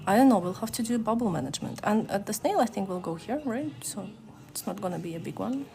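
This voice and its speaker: A woman with a mixed non-native English accent, chatting casually with viewers on a live stream and slipping into soft whispered asides. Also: mid-range voice, expressive, fast talker, vocal fry, over music. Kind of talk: casual live-stream chat while coloring.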